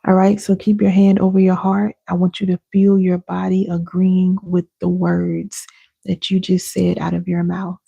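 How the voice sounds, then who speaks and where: A woman coaching viewers live, her low, mellow voice gravelly and husky. She talks to her audience casually, then slows right down to lead affirmations and breathing. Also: completely flat delivery, lo-fi sound. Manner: guides listeners through slow affirmations and breathing. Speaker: inner healing coach. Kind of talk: live-stream coaching session.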